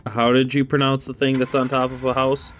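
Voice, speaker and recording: A man's voice: mid-range voice, completely flat delivery, brisk, fairly bright tone, soft background music. Laid-back teasing man co-host. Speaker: co-host playing a video game. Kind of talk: casual gaming commentary.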